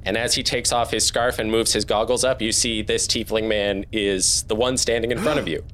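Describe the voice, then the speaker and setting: A man's voice: on the low side, steady tone, fairly bright tone, slight background noise. Man narrating a tabletop game. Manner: halting, filler-heavy storytelling. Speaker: game master.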